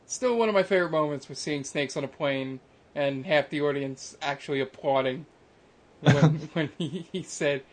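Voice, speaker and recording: A man on a casual podcast, making dry quips and laughing often. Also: moderate pace. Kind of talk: casual chat. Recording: faint rumbling noise.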